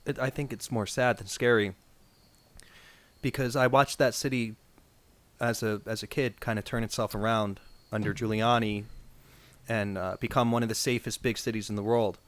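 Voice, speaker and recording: A man with a New Jersey accent, a podcast co-host chatting in a measured, easygoing way. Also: on the low side, steady tone. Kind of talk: casual podcast chat.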